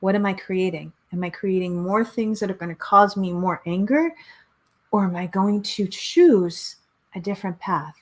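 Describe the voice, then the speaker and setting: A middle-aged woman hosts a spiritual talk show with a somewhat low voice. She speaks earnestly and emphatically, driving points home through repeated phrases. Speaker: host, spiritual coach. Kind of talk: motivational talk show monologue.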